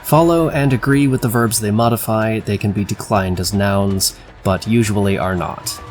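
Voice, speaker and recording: A man's voice: on the low side, moderate pace, a little mellow, soft background music. A man casually explaining the grammar of his invented language, wry and self-correcting, with the odd swear. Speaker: conlang video creator. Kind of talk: casual screen-share lesson.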